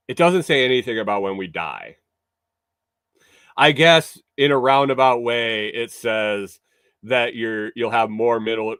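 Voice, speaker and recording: On his morning livestream, a man works through the news by reading stories aloud and breaking off into sarcastic, rambling asides laced with some swearing. His voice is fairly low, a bit bright, clear, and resonant, in a dry recording.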